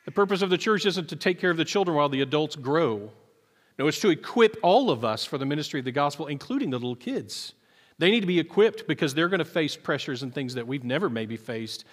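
A man's voice: fairly high pitch, expressive, fast talker, long reverb tail. A man preaching a sermon as pastor, earnest and often repeating words as he starts a sentence. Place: church sanctuary.

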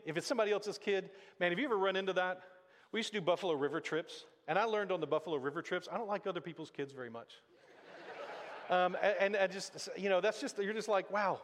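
A man preaching a sermon as pastor, talking in a conversational way and acting out quotes. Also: high-pitched. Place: church sanctuary. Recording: church hall reverb.

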